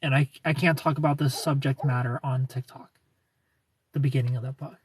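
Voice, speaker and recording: A man's voice: mid-range voice, fairly even intonation, a little fast, slightly rough, no echo. A man in his thirties casually chatting on a livestream, answering viewer comments in a rambling way with restarts and light laughs. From outside the United States. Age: 30s. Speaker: livestream host.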